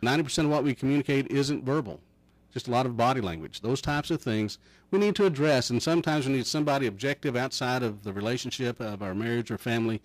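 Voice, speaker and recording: A middle-aged man, a counselor, talking in a folksy, measured way and telling anecdotes. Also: medium pitch, no echo, poor audio. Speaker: counselor guest. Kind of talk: casual chat.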